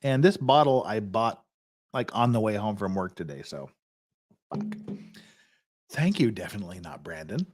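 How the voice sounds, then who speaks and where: A man's voice: fairly low pitch, very animated, moderate pace, pauses often, darkish tone. A man hosting a casual livestream, swearing a lot and rambling while he drinks and gets tipsy. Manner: profane, rambling, mocking. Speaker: livestream host.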